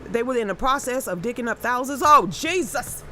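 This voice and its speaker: A woman's voice: fairly high pitch, expressive, normal speed, sharp tone, slight background noise. A woman hosting a casual live stream, reacting to viewer comments with stammering restarts and sudden exclamations.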